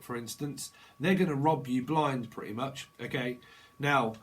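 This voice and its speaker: A man giving a tarot reading, rambling quickly and bluntly with slang and swearing. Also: on the high side. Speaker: tarot reader. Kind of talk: channeled tarot reading monologue.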